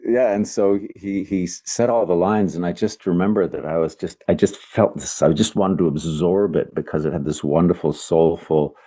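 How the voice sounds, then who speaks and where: A man's voice: deep voice, normal speed, hardly any pauses, warm tone. An older man, a voice actor guest, answering interview questions in an earnest, reflective way, often searching for words.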